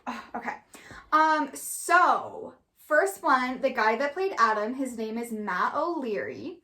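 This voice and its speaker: A woman's voice: a little high, animated, takes it slowly, bright, forceful tone. A young woman co-hosting a podcast in casual chat, talking loosely with lots of "like". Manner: chatty, heavy use of "like". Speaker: podcast co-host.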